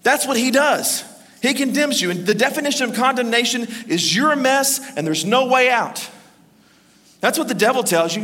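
A man preaching a sermon as pastor, emphatic and storytelling, with dramatic pauses and acted quotes. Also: very high voice, animated, pushed and bright. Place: church. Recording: reverberant church hall.

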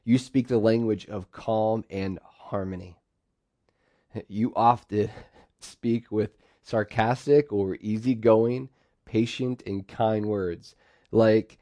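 A man preaching a sermon, lively, acting out quoted phrases in sudden bursts. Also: on the low side, takes it slowly, no echo, studio quality. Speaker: pastor.

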